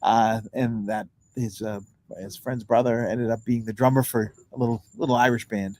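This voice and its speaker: A man's voice: medium pitch, steady tone, normal speed, a little mellow, no room sound. A man co-hosting a casual podcast, joking along and telling laid-back stories. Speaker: podcast co-host. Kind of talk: casual chat.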